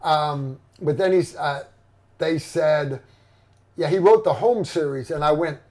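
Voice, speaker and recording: A man's voice: on the high side, a little slow, darkish tone. A middle-aged man hosting a livestream in casual chat, rambling and blunt with lots of fillers and restarts. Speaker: livestream host.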